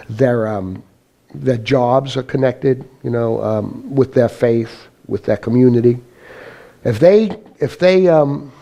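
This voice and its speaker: A man's voice: medium pitch, gravelly, mellow. A man giving an informal spoken testimony to a church congregation, rambling and full of "you know" as he tells his story. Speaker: guest speaker sharing his testimony. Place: church meeting.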